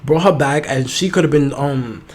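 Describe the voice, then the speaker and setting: A man's voice: mid-range voice, moderate pace. A young man hosting a solo podcast, chatting casually in a sassy, profane, campy manner. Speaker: podcast host.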